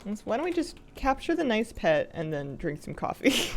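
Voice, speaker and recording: A woman's voice: medium pitch, sing-song, moderate pace, a little hiss or hum. A woman streaming a game live, chatting casually with her viewers in a self-mocking, grumpy, joking way and laughing often. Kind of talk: casual live-stream chat while gaming.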